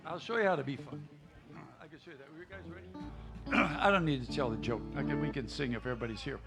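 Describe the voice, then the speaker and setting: Hosting and emceeing a live country music show, a man rambles through joking stage banter with the audience, peppering it with uhs and chuckling at his own jokes. His gravelly voice sits on the high side and moves fast.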